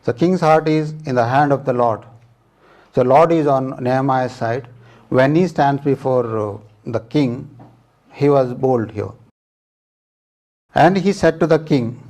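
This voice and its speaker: A man preaching a sermon, explaining scripture step by step in plain, halting words with fillers. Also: medium pitch, darkish tone.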